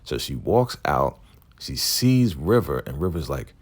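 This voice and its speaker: A man giving a casual, animated recap of a TV episode and acting out the characters' lines. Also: very deep voice, measured pace, breathy edge. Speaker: TV recap vlogger.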